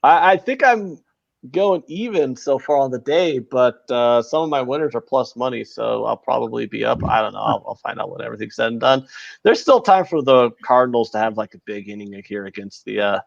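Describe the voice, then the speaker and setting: Gravelly, brash American podcast host. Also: male voice, medium pitch, fairly quick, dry recording, muffled recording. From United States. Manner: brash, profane, rambling. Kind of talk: casual live betting podcast chat.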